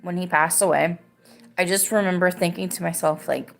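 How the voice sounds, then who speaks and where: A woman's voice: lowish voice, fairly even intonation, moderate pace, creaky, soft background music. Rambling woman telling a story. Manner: rambling, many fillers and restarts. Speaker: podcast host. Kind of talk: casual storytelling.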